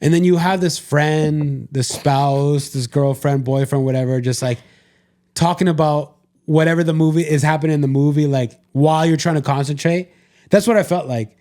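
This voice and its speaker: Man, podcast co-host, young adult, casual rambling chat, fairly high voice. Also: fairly even intonation, normal speed, darkish tone. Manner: rambling, self-correcting storytelling, addresses listeners.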